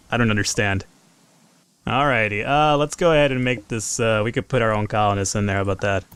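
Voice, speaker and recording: A man commentating his own gameplay in a let's play, excitable, swearing and laughing at his own mistakes. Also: medium pitch, smooth, no room sound. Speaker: gaming commentator.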